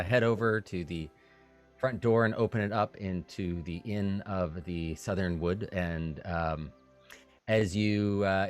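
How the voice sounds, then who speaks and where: A man narrating a tabletop game as game master, halting and full of fillers. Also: low voice.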